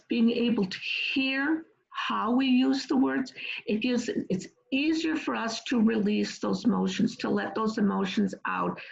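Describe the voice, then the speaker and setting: A woman's voice: fairly high pitch, vocal fry, dull audio. A woman presenting an online workshop, explaining things earnestly and step by step. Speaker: webinar presenter on peer support.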